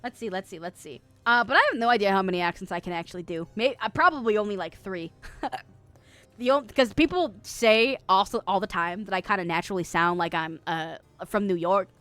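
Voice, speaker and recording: A woman's voice: mid-range voice, a little fast, fairly bright tone, dry recording, faint music behind. A woman streamer chatting casually with her viewers, giggly and rambling, swearing freely and full of fillers. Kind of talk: casual livestream chat. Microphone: streaming mic.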